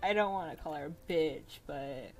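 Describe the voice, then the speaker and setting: A woman's voice: deep voice, moderate pace, rough recording. A young woman casually telling stories on a drawing stream, chatty and laughing often as she goes. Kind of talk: casual storytelling while drawing. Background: soft jazz music.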